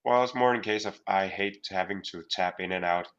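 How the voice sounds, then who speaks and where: A man's voice: low voice, brisk, a bit bright. A man playing in a tabletop game, casual and grumbling, over dull lo-fi call audio. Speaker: player.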